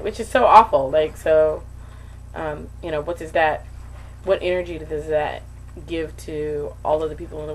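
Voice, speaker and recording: A woman with a low, gravelly voice talks frankly into her video diary. She rambles with plenty of ums and restarts and lays her feelings bare. A faint hum of background noise sits under her voice. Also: a little mellow, low-quality recording. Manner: frank, emotional, rambling with many fillers. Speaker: vlogger. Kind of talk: candid personal video diary.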